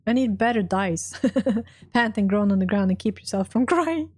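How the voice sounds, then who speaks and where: In a dry recording, a woman streamer voices a role-playing game's text and reacts as she plays. Her pitch is medium and her speed normal. She's lively, swearing and laughing whenever she fails.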